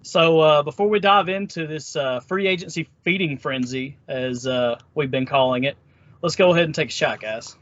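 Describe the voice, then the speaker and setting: A man hosts a casual sports podcast in an upbeat, teasing way. His voice sits a bit high and sounds bright and forceful. The recording is dull and lo-fi. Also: normal speed. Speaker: podcast host.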